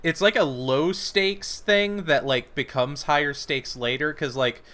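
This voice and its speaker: Guy rambling through a movie plot recap, bright clear voice, lots of "like"s. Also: a little high, unhurried. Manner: rambling, many "like" fillers, retells scenes. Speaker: podcast co-host. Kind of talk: casual movie recap chat. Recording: audio-only podcast.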